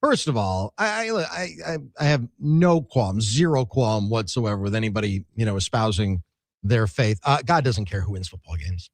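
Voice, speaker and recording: A man co-hosting sports radio talk, joking and animated with halting restarts. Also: on the low side, no echo, studio quality. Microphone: studio mic.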